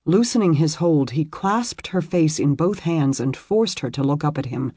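An audiobook narrator reads a historical romance in a steady, measured way. The voice sits at a mid pitch, and the recording is dry and close with no room sound. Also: slightly rough, no echo.

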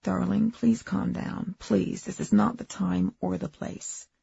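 A hushed, placating older gentleman, as a woman narrator voices him in a husky, gravelly tone. He keeps his voice low and gentle. The storybook recording is dull and dry. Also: measured pace, exaggerated voice. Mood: soothing. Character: older man, calm, soothing husband.

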